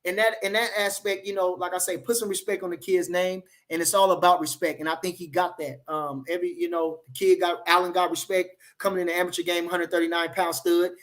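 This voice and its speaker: A man hosting a boxing channel livestream, reading the chat and trash-talking loudly and profanely, with many "you know" fillers. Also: high-pitched, level tone, a little fast, hardly any pauses. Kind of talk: livestream rant.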